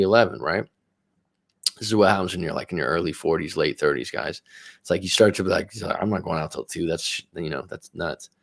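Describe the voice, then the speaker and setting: A man coaching and telling a story in a casual, profane, rambling way, often restarting his sentences. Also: fairly low pitch. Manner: rambling, profane, self-interrupting. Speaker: life coach. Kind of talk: casual storytelling on a live stream.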